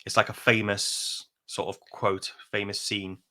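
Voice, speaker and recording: A man's voice: on the low side, little pitch movement, a little slow, bright, forceful tone. A man co-hosting a podcast, chatting casually and rambling through retellings with frequent laughs. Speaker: podcast co-host. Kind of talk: casual chat.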